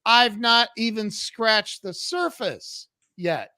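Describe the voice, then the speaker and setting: Man, podcast guest, high bright voice, lively storytelling, dry close mic. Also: clean tone, dry recording. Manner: animated, talks fast, acts out quoted dialogue. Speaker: podcast guest, social media coach. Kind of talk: energetic storytelling interview.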